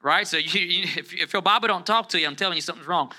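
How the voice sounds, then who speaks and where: A pastor giving a casual, conversational sermon, calling on the congregation to repeat words and rising to loud, emphatic scripture reading. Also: male voice, high-pitched, fast, hardly any pauses.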